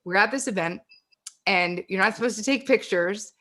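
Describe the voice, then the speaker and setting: A woman hosts a live online launch party, chatting casually over a video call. She tells stories in a lively way and laughs often, with a voice of ordinary middle pitch. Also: normal speed. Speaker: host.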